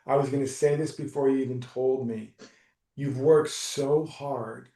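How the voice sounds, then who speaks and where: A man coaching someone through a live session, talking in a soft, reassuring, unhurried way. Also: medium pitch, steady tone. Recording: roomy, distant from the mic.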